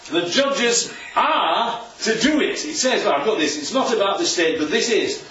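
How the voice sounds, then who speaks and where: A man's voice: sits high, expressive, a little slow, pushed and bright. A man preaching a sermon in a conversational way, often checking in with rhetorical questions. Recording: distant, echoey room, dull sound.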